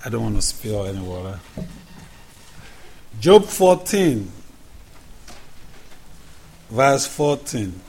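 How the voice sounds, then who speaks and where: Slow-speaking pastor preaching. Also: male voice, on the low side, very animated, creaky, darkish tone, husky. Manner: slow, deliberate, prayerful then emphatic preaching. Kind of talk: prayer and sermon. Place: church sanctuary.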